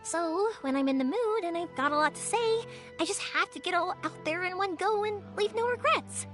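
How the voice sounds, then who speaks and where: Bubbly, rambling young fireworks girl in a game; high, bouncy delivery. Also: expressive, normal speed, fairly bright tone, soft background music. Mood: excited. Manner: rambling, bubbly, easily sidetracked. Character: chatty young female fireworks maker. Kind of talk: game voice acting.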